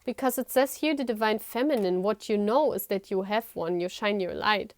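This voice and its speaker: A woman's voice: mid-range voice, moderate pace, no echo. A woman giving a casual tarot reading to her viewers, chatty and playful, often breaking into giggles. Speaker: tarot reader.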